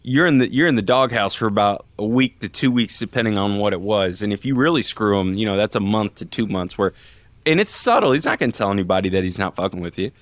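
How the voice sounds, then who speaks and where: A man co-hosting a sports podcast, a former walk-on who teases his co-hosts in quick, joking chat. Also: on the low side, expressive, no echo. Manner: teasing, fast, ribbing. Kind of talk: casual chat, teasing co-hosts.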